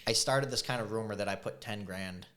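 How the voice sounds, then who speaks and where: Laughing a lot as he tells stories, this twenty-something podcast co-host chats casually in a voice on the low side, speaking a little fast. His animated delivery comes with crowd noise in the background.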